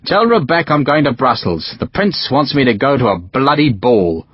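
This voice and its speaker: A man voicing a battle-worn army officer who talks bluntly and swears, raising his voice over a dull, husky recording. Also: medium pitch, animated, moderate pace. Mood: curt.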